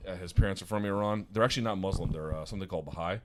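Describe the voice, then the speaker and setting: A man co-hosting a podcast in casual chat, telling stories in an animated, profane way from a hotel room. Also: sits low, racing. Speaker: podcast co-host.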